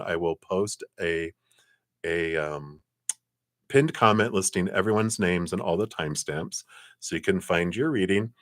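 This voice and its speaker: A man's voice: lowish voice, dry recording, studio quality. A man doing a live-streamed tarot card reading, talking in a chatty, rambling way with frequent laughs and spiritual blessings.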